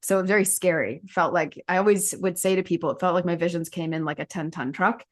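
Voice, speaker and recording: A woman with a slightly low voice chats candidly on a podcast. She rambles with fillers and restarts and laughs often mid-sentence. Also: fairly even intonation, fast talker. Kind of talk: conversational podcast chat.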